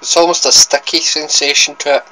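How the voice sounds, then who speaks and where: A young Scottish man with a Scottish accent tastes sweets for his food vlog, chatting casually, rambling and correcting himself as he goes. His voice is a little high, bright and forceful, with brisk, flat delivery. The audio quality is poor.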